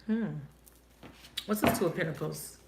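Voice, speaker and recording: A woman giving a live tarot reading, thinking aloud and asking quick, emotive questions. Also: fairly low pitch, gravelly. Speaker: tarot reader. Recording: echoey room, faint noise.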